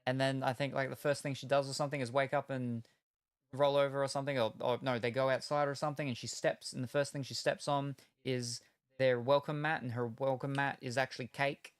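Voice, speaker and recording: A man's voice: medium pitch, level tone, brisk, clean tone, dry recording, studio quality. A man chatting casually while opening trading cards, rambling through meandering retellings full of hedges and trailing asides. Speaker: card-opening streamer.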